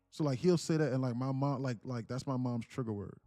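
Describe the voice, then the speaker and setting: A man's voice: mid-range voice, a little fast, warm tone, dry recording, faint music behind. A man hosting a trading livestream, telling a personal story casually, emphatic and repetitive with many restarts.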